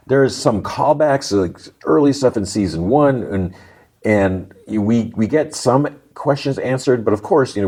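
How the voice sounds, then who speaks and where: A man with a low, slightly husky voice talks through a TV episode scene by scene. He rambles, restarts his sentences and keeps retelling the dialogue in a loose, casual podcast style. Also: a little mellow. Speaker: podcast host.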